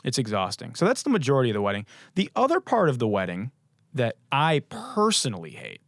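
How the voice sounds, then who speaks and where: A hoarse young man talks through a solo podcast episode, his voice worn down but still swinging up and down with lots of expression. He rambles and swears freely in a jokey, casual way. The sound is dry and close, with no room around it. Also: mid-range voice, huge pitch swings, brisk, a bit bright, no echo. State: hoarse, voice mostly gone. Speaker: podcast host.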